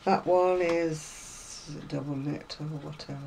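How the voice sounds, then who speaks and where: Chatty low-voiced woman vlogging. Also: fairly even intonation, slow, gravelly, warm tone, a little hiss or hum, low-quality recording. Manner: chatty, self-deprecating, rambling asides. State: unwell. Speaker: craft vlogger. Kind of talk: casual chat to viewers.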